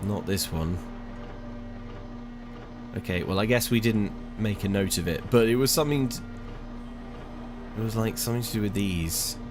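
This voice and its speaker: A man's voice: fairly low pitch, normal speed, long pauses, over music. A young man giving casual gameplay commentary, thinking aloud and muttering in exasperation over puzzles. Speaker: let's play streamer.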